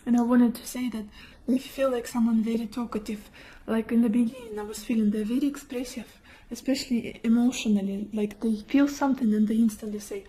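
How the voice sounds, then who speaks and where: A woman giving a gentle, emotive tarot card reading, whose first language is not English and who often drops into a near whisper. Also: on the high side, animated, fairly quick, few pauses, low-quality recording. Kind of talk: soft-spoken pick-a-card tarot reading.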